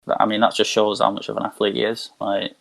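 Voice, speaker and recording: A man's voice: on the low side, monotone, fast talker, vocal fry, a bit bright. A man, a guest on a podcast, chatting casually and rambling, filling his speech with "like". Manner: rambling, heavy use of "like". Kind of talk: casual chat.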